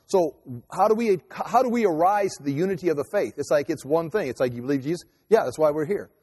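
A man preaching a sermon in a conversational, animated way with quick asides. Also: fairly high pitch, slightly rough. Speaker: pastor. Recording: long hall reverb.

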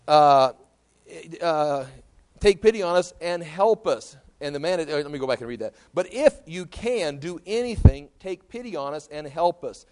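A man's voice: on the high side, expressive, normal speed, a little mellow. A man teaching a sermon, reading Bible passages and explaining them in a conversational way that often repeats words. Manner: conversational, repeats words while thinking aloud, reads scripture aloud. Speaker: preacher.

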